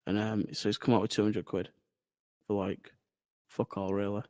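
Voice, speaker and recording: Bloke co-hosting a podcast, rambling, sweary storyteller, dry close sound. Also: male voice, lowish voice, little pitch movement, normal speed, dark tone, no room sound. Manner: rambling, swears freely, tells anecdotes. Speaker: podcast co-host. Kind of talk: casual chat.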